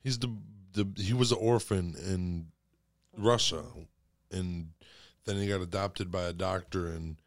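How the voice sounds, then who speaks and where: A man's voice: deep voice, steady tone, a little slow, dry recording, clean studio sound. A man in a casual chat who rambles, swears a lot and laughs often.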